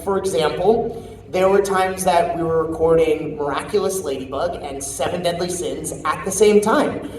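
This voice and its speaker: A man with a slightly high voice answers fan questions at a convention panel, loose and chatty, often laughing between thoughts. He sits a bit back from the mic in a roomy, echoey hall. A crowd murmurs behind him. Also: darkish tone, far from the mic. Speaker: voice actor panel guest.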